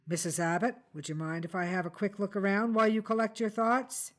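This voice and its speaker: A woman reading as a calm male detective. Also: mid-range voice, lightly acted. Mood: patient. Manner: polite, measured questioning.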